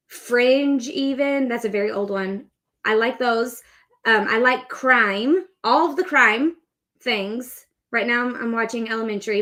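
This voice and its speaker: A woman in her thirties hosting a crochet livestream, chatting in a rambling, upbeat way while she works. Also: fairly high pitch. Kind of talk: casual chat while crocheting.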